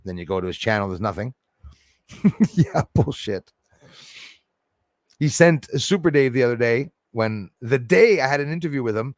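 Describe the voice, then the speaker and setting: Animated man hosting a livestream. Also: mid-range voice, normal speed, pauses often, no echo, clean studio sound. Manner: animated, laughing, reads viewer names. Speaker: livestream host. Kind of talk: casual livestream chat.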